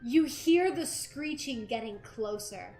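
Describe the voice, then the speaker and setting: A woman narrating a tabletop game as dungeon master, describing scenes in an unhurried way and often giggling. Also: a little high, animated, warm tone. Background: faint game music.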